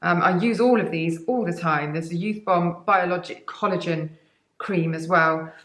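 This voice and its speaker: A woman with a fairly low voice chats about beauty products, bubbly and enthusiastic. She wanders into cheeky asides and laughs at herself. The room around her sounds echoey. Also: moderate pace, a bit bright. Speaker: beauty vlogger. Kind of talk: sponsored product chat to camera.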